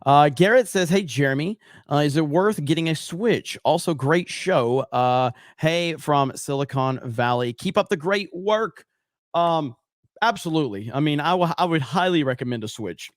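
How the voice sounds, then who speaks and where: A man's voice: a little high, unhurried, no echo. Guy streamer ranting, swears a lot, scornful, dry close sound. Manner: exasperated, swearing, scornful asides. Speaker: livestream host. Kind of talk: casual livestream commentary.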